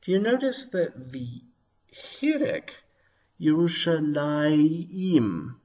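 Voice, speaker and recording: A man teaching a video lesson on Hebrew vowels, slowly and carefully sounding out each word. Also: medium pitch, very animated, breathy edge, lo-fi sound. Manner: slow, careful sounding out of words.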